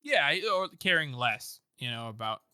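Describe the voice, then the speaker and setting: A man's voice: mid-range voice, animated, moderate pace, pushed and bright, clear, resonant tone, no room sound, clean studio sound. A man co-hosting a podcast, talking in a loose, rambling way full of "like" and "you know" and frequent laughter. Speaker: podcast co-host. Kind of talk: casual book discussion chat.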